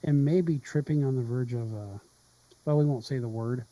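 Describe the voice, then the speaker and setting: A man's voice: mid-range voice, normal speed, warm tone, no room sound, low-quality recording. A man co-hosting a podcast in casual chat, chiming in with joking, teasing remarks. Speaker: podcast co-host.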